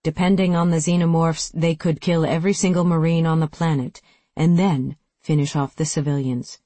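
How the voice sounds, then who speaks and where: A narrator reading a sci-fi action novel aloud, in steady, dramatic storytelling. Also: medium pitch, normal speed, no echo. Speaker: audiobook narrator. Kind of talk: scripted narration.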